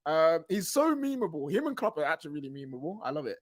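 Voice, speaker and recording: A laid-back young man hosts a fan podcast in a fairly high voice. He talks in loose slang with stumbling restarts, and the sound is close and dry. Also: big pitch swings, fast, no echo. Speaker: podcast host reading super chats. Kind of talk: casual podcast chat.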